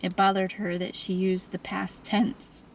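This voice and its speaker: A woman narrating a novel in a calm, even storytelling manner. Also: medium pitch, a little slow, a little hiss or hum, poor audio. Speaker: audiobook narrator.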